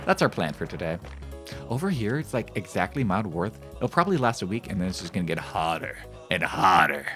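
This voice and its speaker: A man's voice: deep voice, very animated, brisk, fairly bright tone, faint music behind. A male streamer giving casual, joking commentary while playing a game, rambling and reading game text aloud. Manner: repeats phrases in shifting voices.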